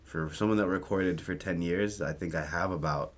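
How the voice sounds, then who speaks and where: A man's voice: low-pitched, moderate pace. A young man, a rapper, chatting as a podcast guest, loose and casual, with some swearing.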